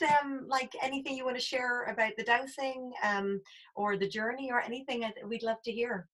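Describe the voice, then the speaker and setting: A woman's voice: on the high side, steady tone, moderate pace, a bit bright. A woman hosting a group dowsing class over a video call, effusive and peppering her talk with "like". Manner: effusive, uses "like" often.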